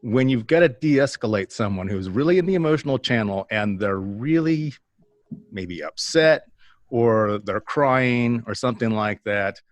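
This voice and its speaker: A man hosting a management podcast, asking questions in a measured way. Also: medium pitch, animated, no room sound. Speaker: podcast host. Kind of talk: podcast interview.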